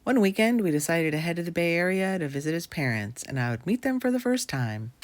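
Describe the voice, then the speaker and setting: A woman's voice: lowish voice, big pitch swings, brisk, no room sound. A woman in her forties telling a comic true story about her own youth as a voice-over. She talks candidly and wryly and swears casually. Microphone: voice-over recorded for an animated video.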